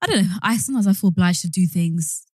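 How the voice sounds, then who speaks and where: A woman's voice: on the low side, lively intonation, fast talker, dry recording, clean studio sound. A woman co-hosting a podcast, talking reflectively and casually with frequent giggles. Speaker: podcast co-host. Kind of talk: casual chat.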